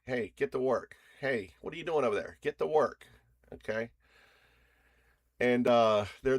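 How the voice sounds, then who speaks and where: A man casually walking through a screen demo of his own framework, loose and rambling with restarts and chuckles, bursting into excited energy at times. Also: on the low side, dry recording, clean studio sound. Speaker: founder presenting his own startup framework.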